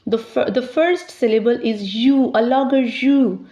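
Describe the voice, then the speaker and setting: A woman teaching English pronunciation, explaining step by step and slowly sounding out each word. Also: a little high, dark tone. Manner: slows down to sound out words clearly. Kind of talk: slow, deliberate teaching explanation. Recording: slightly dull, lo-fi sound.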